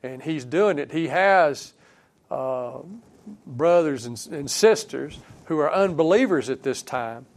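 A man's voice: fairly high pitch, expressive, slow pace. Man preaching a conversational sermon. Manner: conversational, thinking aloud with fillers and restarts; quotes scripture in a softer, dropping voice.

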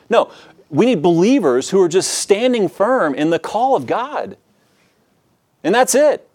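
Earnest preaching man, lively pitch. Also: no echo. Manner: earnest, conversational preaching with restarts and asides. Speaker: pastor. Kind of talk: sermon.

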